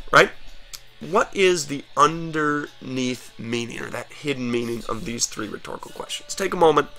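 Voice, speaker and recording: A man's voice: mid-range voice, moderate pace, pushed and bright. A man teaching a recorded grammar lesson, talking straight to students with energy and emphasis.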